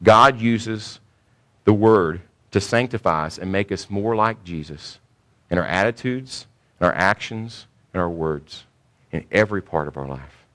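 A man delivering a teaching sermon in a fairly low voice. He speaks with emphasis, repeats his key points, and presses the listeners with rhetorical questions. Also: unhurried, fairly bright tone. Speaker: preacher.

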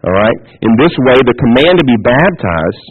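A pastor preaching a sermon in a teacherly way, often checking in with the congregation. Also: male voice, medium pitch, very animated, moderate pace, slight background noise. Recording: tinny phone-like audio.

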